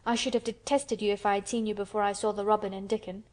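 A woman's voice: medium pitch, steady tone, quick pace, lightly acted. A woman voicing a blunt, solemn young girl in a storybook reading, frank and earnest. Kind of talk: storybook character voice.

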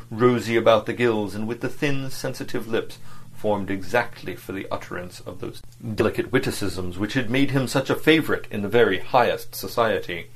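Low-voiced man narrating a classic novel. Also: poor audio. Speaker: audiobook narrator.

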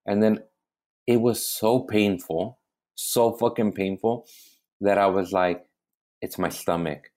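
Deep-voiced man telling a profane story. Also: slow pace. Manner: animated, profane, keeps restarting. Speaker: comedian guest. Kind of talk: casual storytelling chat.

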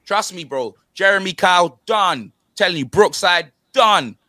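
A young man with a London accent, hosting a football podcast in slangy, animated banter. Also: sits high, unhurried, no room sound, studio quality. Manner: slangy, animated banter with constant tag words. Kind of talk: casual chat.

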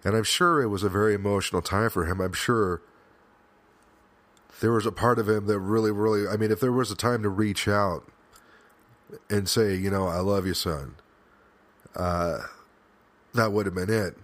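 A man hosting a podcast, talking earnestly in a personal, reflective monologue, with an emotional, halting delivery that often restarts. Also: lowish voice, fairly bright tone, dry recording. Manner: frequent restarts and fillers, swears at times. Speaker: podcast host.

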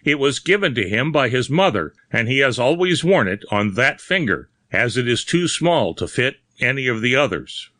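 A man's voice: mid-range voice, big pitch swings, normal speed, hardly any pauses, bright, forceful tone, no room sound. A man voicing a puzzled, brusque middle-aged doctor in a storybook reading. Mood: alarmed.

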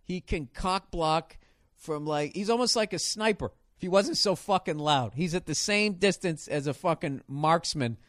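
Profane, animated male podcast host. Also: a little high, normal speed, dry recording, clean studio sound. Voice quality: profane and animated, bursts into loud mock shouts. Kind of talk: casual storytelling chat.

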